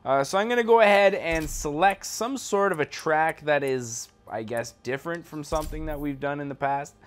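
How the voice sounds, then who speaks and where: A young Canadian man giving casual, joking gameplay commentary from a home setup, rambling and full of fillers. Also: on the high side. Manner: laid-back, rambling, joking, lots of fillers. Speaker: gaming channel host.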